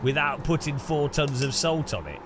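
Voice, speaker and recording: On the high side and expressive, this British man talks at a normal speed while streaming a racing game over music and background noise. His casual commentary comes with plenty of joking and teasing of viewers.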